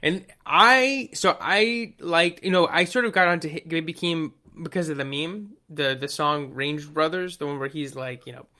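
A man chatting casually about songs he likes, rambling and swearing as he goes. His voice is bright and forceful and sits a bit high. He acts out little quotes along the way. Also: moderate pace, hardly any pauses. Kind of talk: casual chat about music.

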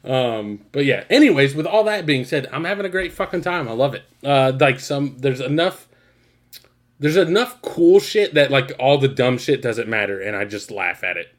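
A man co-hosting a podcast, telling stories in an animated, profane, exasperated way. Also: medium pitch, normal speed. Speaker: podcast co-host. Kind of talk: casual podcast chat.

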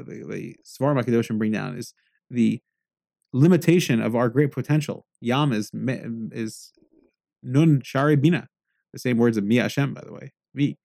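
A man with a gravelly, fry-laden voice gives a lively Torah lecture. His pitch sits in a middle range but leaps high when he hammers home a point. He weaves Hebrew phrases into plain English explanation. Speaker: Torah teacher.

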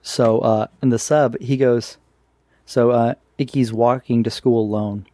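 A man co-hosting a podcast, chatting casually about a cartoon, animated and laughing as he acts out quotes. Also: medium pitch, a little slow, no echo, studio quality. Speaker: podcast co-host. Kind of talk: casual chat recapping a cartoon.

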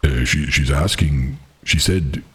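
A man's voice: very deep voice, slow pace, a bit bright, breathy edge, pitched below the performer's own voice, full character voice. A man voicing a male adventurer who hesitantly translates a fairy's words in a tabletop game. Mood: hushed. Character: young adult male character translating fairy speech.

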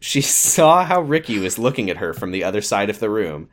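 Lively man reading fan fiction for laughs. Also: on the low side, fairly quick. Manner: reads narration flatly, breaks off into joking asides. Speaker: podcast co-host reading fan fiction aloud. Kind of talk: comedic dramatic reading with banter.

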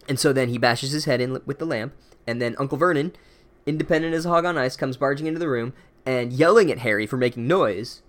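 Profane deadpan male book recapper. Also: mid-range voice, fast talker. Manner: profane, deadpan sarcasm with mock-academic asides. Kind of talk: sarcastic comedic book recap.

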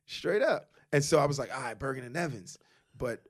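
A man's voice: mid-range voice, animated, a little fast. A man telling a story in casual conversation, quoting friends in slang. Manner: laid-back storyteller, quotes friends in slang. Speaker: guest, clothing store founder.

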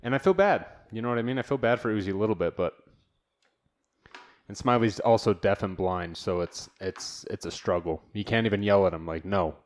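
A man talks through a solo podcast in a loose, laid-back way. He rambles with fillers and slang. His voice sits a little on the low side. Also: fairly quick. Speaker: podcast host. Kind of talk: casual solo podcast chat. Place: new home studio.

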